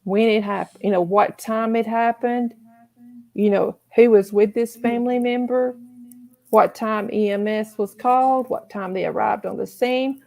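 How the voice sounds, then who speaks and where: A woman's voice: mid-range voice, creaky, warm tone. A middle-aged woman hosting a casual livestream, chatting and reading viewer comments aloud. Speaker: livestream host.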